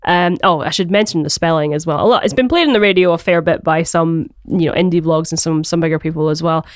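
Talking fast in a mid-range voice, this Glasgow-born songwriter guests on a podcast, chatting loosely with lots of hesitation, ums, and laughter. His accent is Glaswegian Scottish. The studio sound is clean, with no echo.

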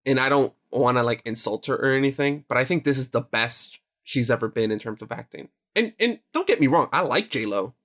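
A man's voice: mid-range voice, lively intonation, fairly quick, few pauses, a bit bright. A man co-hosts a casual podcast about a film, with an ordinary, mid-range voice. He talks in long, rambling stretches, stressing his points and often correcting himself. The talk is loose and conversational. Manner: rambling, self-correcting, emphatic. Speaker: podcast co-host.

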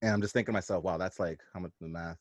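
A man with a lowish voice chats casually and tells animated, profane stories. His talk is heavy with swearing. The sound is dry and close. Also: very fast, no room sound, dull audio. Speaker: podcast co-host. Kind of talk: casual chat.

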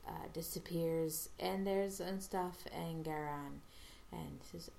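Woman, low and unhurried, halting casual recap with acted-out quotes. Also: steady tone, creaky, darkish tone, a little hiss or hum. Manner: halting, restarts, acts out quoted lines. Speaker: episode recapper.

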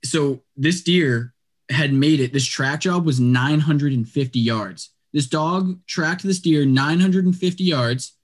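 A man telling a story in casual conversation, animated and rambling, with a lot of "like" fillers. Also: fairly high pitch, unhurried. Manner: animated, rambling, heavy use of "like".

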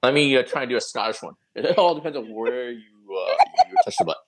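A man co-hosting a casual podcast, making fast jokes and laughing while he talks. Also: mid-range voice, expressive, noisy background. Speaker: co-host.

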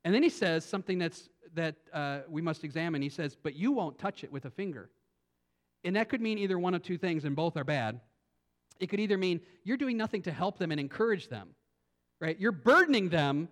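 A male pastor preaching a sermon, animated, swinging from quiet thinking-aloud asides to loud emphatic lines. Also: on the high side, fairly quick. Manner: repeats words and restarts as he thinks aloud.

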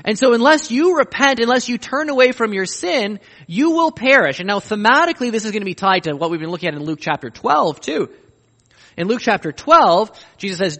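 A man preaching a sermon, swinging between hushed, reflective passages and emphatic, rising appeals. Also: sits high, lively intonation, a little fast, long reverb tail. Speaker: pastor.

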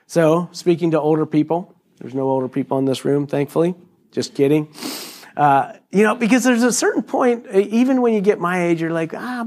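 A pastor, a middle-aged man, delivers a sermon to his congregation. He's animated and joking, acting out quotes in high voices.

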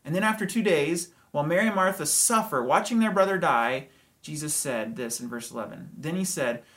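Pastor preaching a laid-back sermon, lots of rhetorical questions, middle pitch. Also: lively intonation, a little fast, a bit bright. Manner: conversational preaching with hedges, rhetorical questions and chuckles.

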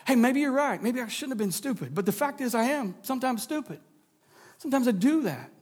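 A man preaching a sermon, dropping into low hushes and rising into emphatic lines, with jokey asides to the congregation. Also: lively intonation, brisk. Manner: dramatic drops to a low hush, then rising emphasis. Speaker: pastor.

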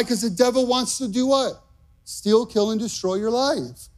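High-voiced man preaching with fervor. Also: measured pace. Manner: impassioned, emphatic preaching with rising shouts. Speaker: pastor. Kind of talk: sermon.

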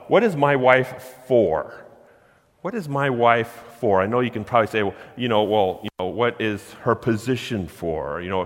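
Man, pastor, preaching, middle pitch, dynamic delivery, reverberant church hall. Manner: swings from hushed to loud, slows on key words. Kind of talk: sermon. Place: church sanctuary.

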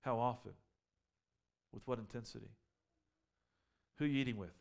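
A man's voice: medium pitch, normal speed, vocal fry, a little mellow. A man preaching a sermon as a pastor, conversational and full of rhetorical questions, building up to emphatic peaks.

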